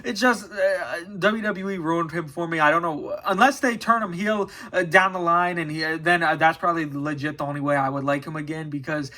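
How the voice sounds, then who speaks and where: A man vlogging casually to his viewers, excitable and rambling, often stumbling and repeating himself. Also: fairly high pitch, a little fast, hardly any pauses. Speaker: wrestling vlogger. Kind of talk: casual predictions vlog.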